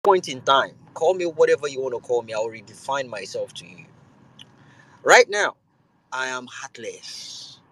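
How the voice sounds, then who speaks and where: A Nigerian man hosting a show, delivering an impassioned political rant that swings between calm and loud. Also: mid-range voice, unhurried, low-quality recording. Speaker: show host.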